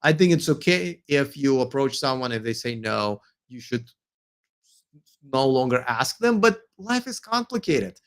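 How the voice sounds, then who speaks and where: A man's voice: mid-range voice, lively intonation, a little slow, smooth. A man hosting a casual live stream, reading viewer comments and answering with many fillers and restarts.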